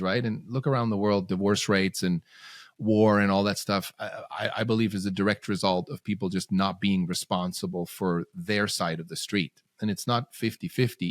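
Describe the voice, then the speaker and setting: A man's voice: on the low side, animated, normal speed, no echo, studio quality. A man, a guest parenting coach, talking earnestly in a casual podcast conversation and often repeating words as he gathers his thoughts.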